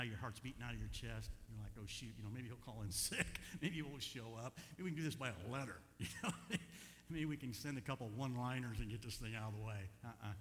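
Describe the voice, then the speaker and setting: Older pastor, animated preaching in echoey hall. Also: male voice, medium pitch. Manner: animated storytelling, swinging from quiet asides to loud emphatic peaks. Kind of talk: sermon. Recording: echoey hall with faint hum.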